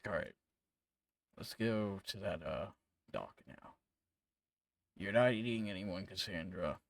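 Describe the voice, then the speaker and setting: Man game master, casual rambling narration, swears freely, low voice, dry close sound. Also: slow, gravelly, dry recording.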